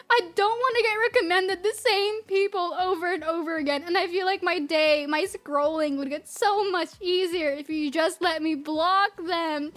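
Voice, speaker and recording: American woman, very high voice, giggly rambling stream chat, soft music behind. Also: animated, measured pace. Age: 30s. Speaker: VTuber streamer. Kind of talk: casual ranting chat stream.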